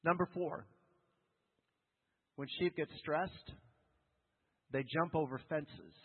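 A man preaching a sermon as a pastor, animated, often asking his listeners questions. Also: a little high, slow, slightly rough. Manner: animated, asks the congregation questions. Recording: phone-like sound with long hall reverb.

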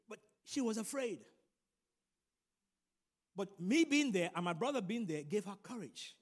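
A middle-aged man preaching a sermon and telling a personal story, animated and building to loud emphatic peaks. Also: high-pitched, measured pace, long pauses. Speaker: pastor. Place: large church room. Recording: long hall reverb.

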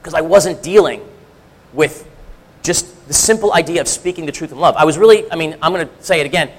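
A man's voice: a little high, a little fast, long reverb tail. A middle-aged man giving a candid, self-deprecating sermon as a church speaker, talking in a loose conversational way with frequent restarts. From three-quarters Sicilian heritage. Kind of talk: personal testimony sermon.

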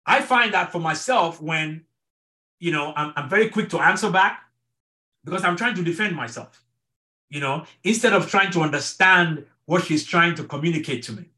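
A man's voice: a little high, lively intonation, moderate pace, pushed and bright. A middle-aged man teaching an online marriage class as a pastor, earnest and repeating his words to stress each point. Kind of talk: online sermon-style teaching.

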